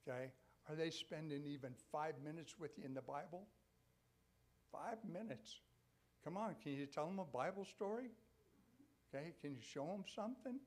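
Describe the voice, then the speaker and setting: An older male pastor preaching live in a church, with a voice pitched a little higher than most men's. He talks to the congregation like a conversation, tossing in "okay?" again and again. He builds to loud, emphatic peaks. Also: animated, moderate pace, long pauses. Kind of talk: sermon. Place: church sanctuary.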